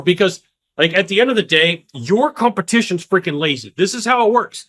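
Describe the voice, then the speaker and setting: A man giving an energetic solo talk of sales advice, emphatic and repetitive, now and then acting out the quick voices of other people. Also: high voice. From Kentucky. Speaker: sales coach.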